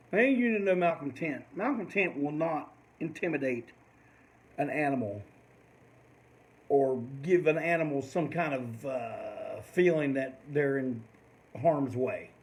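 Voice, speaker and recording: Older guy rambling through a story, high voice, cusses a lot. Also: rough recording. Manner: rambling, swears often. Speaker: host of a live stream. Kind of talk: casual storytelling.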